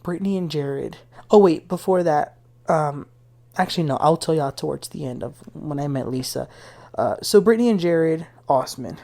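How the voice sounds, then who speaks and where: A woman's voice: low-pitched, normal speed, gravelly, dark tone. A woman hosting a casual reality TV recap, retelling scenes in a chatty way with her own opinions and asides. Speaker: TV recap host.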